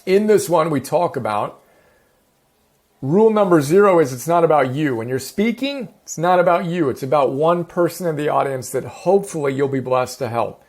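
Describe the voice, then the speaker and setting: A man teaching a self-improvement class in an energetic, enthusiastic, casual way, sometimes correcting himself mid-sentence. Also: on the high side, moderate pace. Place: home in the countryside.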